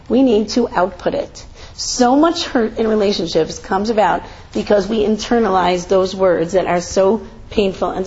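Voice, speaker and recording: A woman giving an informal talk to an audience, telling stories animatedly, acting out quotes and asking rhetorical questions. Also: mid-range voice. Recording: slightly muffled recording with faint noise.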